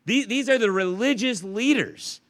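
A man's voice: sits high, normal speed. A man, a pastor, preaching a verse-by-verse evening sermon in an earnest, conversational way. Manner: conversational, earnest, animated with restarts.

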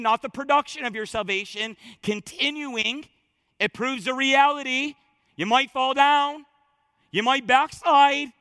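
A male pastor preaching a sermon in church, emphatic, swinging from loud declarations to hushed, near-whispered lines. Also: very high voice, dry recording, studio quality.

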